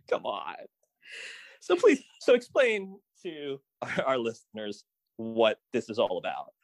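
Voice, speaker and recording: Man, podcast co-host, casual chat, emphatic, very lively pitch, dry sound. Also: slow pace, dry recording. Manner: emphatic, exasperated joking.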